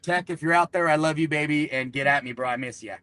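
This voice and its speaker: A man, a military veteran, telling profane, animated stories in casual chat. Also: fairly high pitch, fast, smooth, dry recording, rough recording. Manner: profane, animated, acts out quotes.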